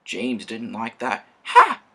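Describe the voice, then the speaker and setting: A man reads a children's story aloud in a gravelly, husky voice. His delivery is animated and bright, with wide swings in pitch. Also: moderate pace. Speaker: storybook narrator.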